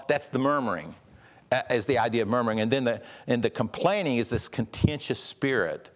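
A man's voice: medium pitch, a little fast. A man preaching a sermon in a conversational way, acting out the quotes he tells with changes in his voice. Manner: conversational, acts out quotes with shifts in voice. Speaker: pastor.

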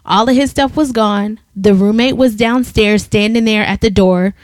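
A woman co-hosting a podcast, chatting casually and telling a personal story with animated, acted-out quotes. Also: mid-range voice, moderate pace, dry recording. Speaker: podcast co-host. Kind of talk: casual chat.

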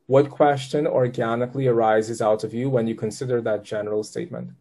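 Man, tarot reader mid-session, mellow warm tone, chatty and upbeat, walks the client through each step. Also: medium pitch, steady tone, brisk. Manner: upbeat, chatty, gives patient step-by-step directions. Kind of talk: live tarot reading session.

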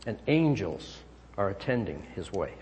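A man preaching a sermon as pastor, emphatic, swinging his pitch and volume. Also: sing-song, measured pace, a little mellow, a little hiss or hum. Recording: long hall reverb.

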